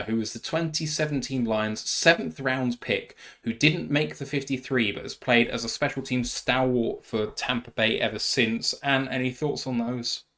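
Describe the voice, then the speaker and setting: A man's voice: mid-range voice, fairly bright tone. A British man hosting a sports podcast, giving information and reading out facts and figures. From United Kingdom. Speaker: podcast host. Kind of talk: casual sports podcast chat.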